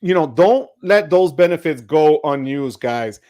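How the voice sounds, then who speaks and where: A man's voice: a little high, lively intonation, a little slow, darkish tone. A man in his fifties hosting a casual livestream chat, playful and teasing, dropping Spanish words into his talk. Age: 50s. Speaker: host.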